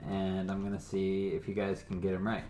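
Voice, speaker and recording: Man, podcast co-host, steady explanatory talk, echoey room. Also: deep voice, a little fast. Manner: steady, explanatory, runs the game. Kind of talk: casual chat.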